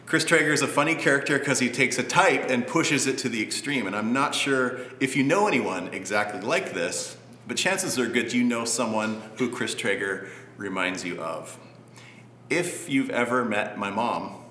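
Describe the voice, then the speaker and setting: A man preaching a sermon in a relaxed, conversational way with light humor. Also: mid-range voice, echoey room, a little hiss or hum. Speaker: pastor.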